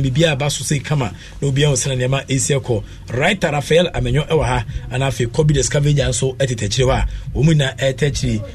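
A man with a Ghanaian accent presenting a sports radio show, rambling and mixing in many fillers. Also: mid-range voice. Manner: rambling, switches between Twi and English with many fillers. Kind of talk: casual sports radio talk.

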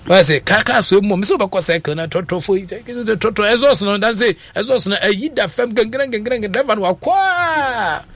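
A Ghanaian man hosting a call-in radio talk show, switching quickly between languages, full of fillers. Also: high-pitched, dry recording. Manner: animated, rapid code-switching with many fillers.

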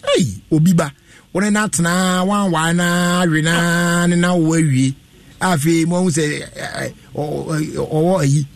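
A man hosting a radio call-in show, giving callers measured advice. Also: on the high side, fairly even intonation, creaky, no room sound. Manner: advising, measured.

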